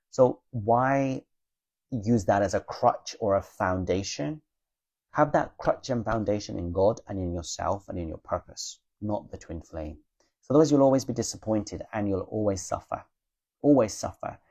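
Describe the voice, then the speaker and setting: Male spiritual teacher in a live Q&A. Low, gravelly, mellow voice, blunt and teasing in delivery. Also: expressive, moderate pace. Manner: blunt, matter-of-fact, teasing. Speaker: spiritual teacher answering viewer questions. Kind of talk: live Q&A chat.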